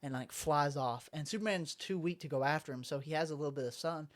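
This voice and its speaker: A young man with a slightly high voice chats casually about comics from a room at home. He rambles and acts out the characters' lines as he goes. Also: fast talker. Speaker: podcast co-host. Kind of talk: casual chat, recapping comics.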